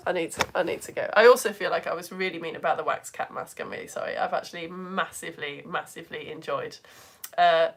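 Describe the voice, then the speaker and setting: A woman's voice: fairly low pitch, husky. A woman from the UK hosting a live online lesson, chatting casually with viewers in a self-mocking, giggly, rambling way. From United Kingdom.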